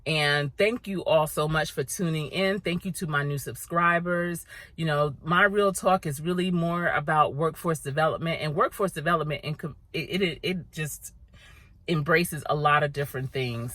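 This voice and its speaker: A woman's voice: low voice, fairly bright tone. A middle-aged woman vlogging to camera in an earnest, ranting way, chewing gum as she talks. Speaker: vlogger, coach. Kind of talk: casual vlog talk to camera.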